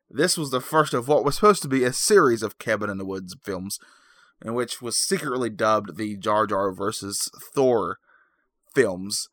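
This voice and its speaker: A man's voice: lowish voice, fairly bright tone, dry recording. A man giving a rambling, self-deprecating comedic recap, full of fillers and asides. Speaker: comic movie recapper.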